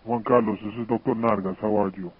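A man doing a soft-spoken husky doctor on the phone. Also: fairly low pitch, fairly even intonation, quick pace, pitched below the performer's own voice. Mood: polite. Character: polite soft-spoken male doctor caller. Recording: tinny phone line.

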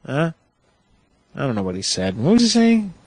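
A man hosting a prank call show, asking crude questions in a deadpan, mock-confused way. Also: fairly high pitch, moderate pace, slightly rough. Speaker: host.

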